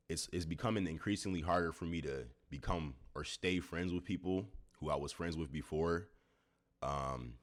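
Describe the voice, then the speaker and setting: A young man vlogging to camera early in the morning, a bit tired, speaking in a thoughtful, unhurried way with many fillers. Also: very deep voice. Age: young adult. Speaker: YouTuber. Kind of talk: reflective talking-to-camera vlog.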